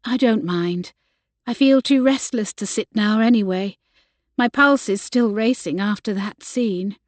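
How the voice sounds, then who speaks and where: A woman narrator voicing an earnest, kind young woman who speaks gently and reassuringly. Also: medium pitch, unhurried, no echo, natural voice.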